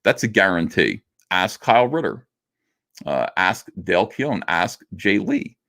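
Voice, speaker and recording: A man's voice: sits low, big pitch swings, measured pace, a bit bright. A middle-aged man hosting a casual livestream, reading viewer messages aloud and answering them in a loose, joking way with many fillers. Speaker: livestream host reading super chats.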